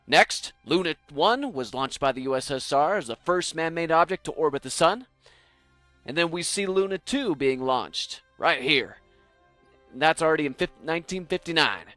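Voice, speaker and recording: A man's voice: mid-range voice, pushed and bright, dry recording. A young man narrating a scripted science lesson in a playful, jokey, theatrical way. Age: young adult. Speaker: science educator.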